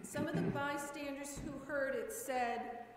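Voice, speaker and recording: A woman reading scripture aloud at Mass with a high voice and a steady, measured delivery. She is picked up from far off in a big church, with a long, echoing reverb and a faint hiss behind her. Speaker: lector. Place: large church.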